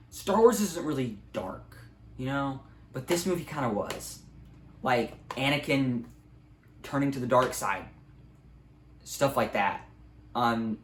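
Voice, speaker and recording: Young man, casual movie review, rambling, lots of fillers, roomy echo, faint background hiss. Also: medium pitch. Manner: rambling, full of ums and likes. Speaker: video creator. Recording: echoey room, faint ambient noise.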